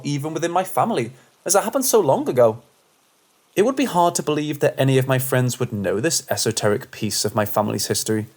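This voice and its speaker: A man reads first-person paranormal accounts with an animated delivery. His pitch moves widely from line to line while staying at an ordinary middle height. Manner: animated storytelling with lively pitch. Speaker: narrator. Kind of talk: reading first-person stories aloud.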